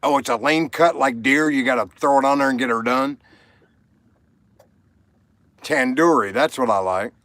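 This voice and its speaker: Recorded dry, a man at a moderate pace and medium pitch hosts a casual livestream, his tone fairly bright and broken by long pauses. He drifts between topics, reads viewer comments aloud and calls people by name.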